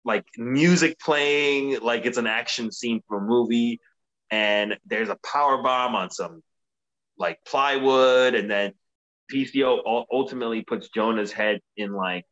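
A man co-hosting a casual podcast, recapping a show with animated, profane commentary. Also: medium pitch, measured pace, highs cut off. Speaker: podcast co-host. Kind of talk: casual wrestling recap chat.

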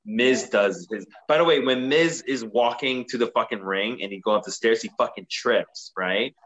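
A man recapping wrestling in casual podcast chat, profane and animated, acting out quotes. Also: medium pitch, normal speed. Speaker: podcast co-host.

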